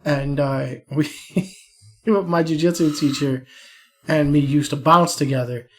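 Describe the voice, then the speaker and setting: A man's voice: a little high, steady tone, slow pace, fairly bright tone, soft background music. A young man co-hosting a podcast, telling a profane, laughing story about a bar prank while suffering from allergies. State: allergies, swollen eyes. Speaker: podcast co-host. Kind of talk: casual storytelling chat.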